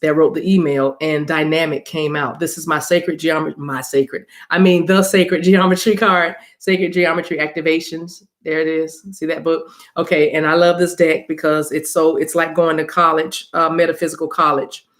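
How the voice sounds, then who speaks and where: A woman's voice: low-pitched, flat delivery, moderate pace, hardly any pauses. A woman hosting a spiritual reading livestream on her phone, chatting casually with viewers, laughing, and calling them y'all. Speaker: spiritual reader and channel host.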